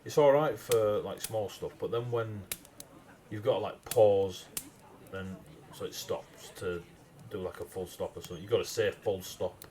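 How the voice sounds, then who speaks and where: A man's voice: on the low side, normal speed, mellow. A man with a Northern English accent, chatting loosely on a livestream while he writes game lore, rambling and losing his thread. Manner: rambling, loses his train of thought, self-mocking. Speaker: stream host writing game lore. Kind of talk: casual livestream chat.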